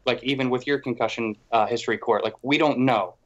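A man co-hosting a casual sports podcast, rambling eagerly from point to point with plenty of "like". His pitch sits in a middle range. The recording sounds a little muffled and lo-fi. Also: brisk. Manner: animated, rambling with frequent "like". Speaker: podcast co-host. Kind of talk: casual hockey chat.

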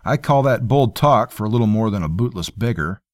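A man's voice: lowish voice, animated, a little fast, dry recording, clean studio sound, lightly acted. A man voicing a proud, guarded young male noble officer who answers in short, curt lines. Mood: wry. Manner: curt, terse replies.

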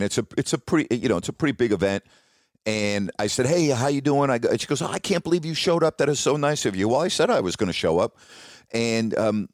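A man's voice: medium pitch, no room sound, studio quality. A middle-aged man, a former sportscaster, telling a long personal story in a rambling, self-interrupting way. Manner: rambling, self-interrupting, quotes others in dialogue. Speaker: former sportscaster, podcast host. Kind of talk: casual storytelling monologue.

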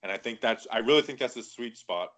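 A man co-hosting a casual sports podcast, talking in lively, quick bursts. His voice sits at a middle pitch. He keeps cutting in with "like" as he builds his argument. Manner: animated, talks in quick bursts with lots of "like". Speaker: podcast co-host.

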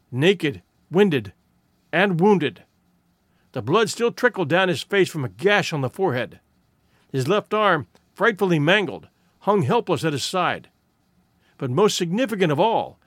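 A man narrating a classic short story in an expressive storytelling delivery. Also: on the high side, a little slow, no room sound, clean studio sound. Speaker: audiobook narrator.

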